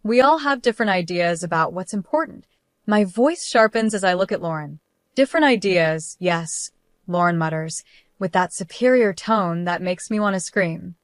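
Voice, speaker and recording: A woman's voice: fairly low pitch, moderate pace, no room sound. Woman telling a tense family story, emotional, dry recording. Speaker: story narrator. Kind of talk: first-person dramatic story narration.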